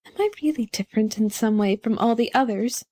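A woman's voice: on the high side, brisk, dark tone, close to an everyday voice. A woman voicing a naive wax shop dummy come to life, speaking stiffly and innocently.

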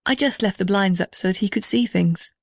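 A woman voicing a tender young woman in a storybook, soft and wistful. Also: medium pitch, a little fast, creaky, no room sound, studio quality.

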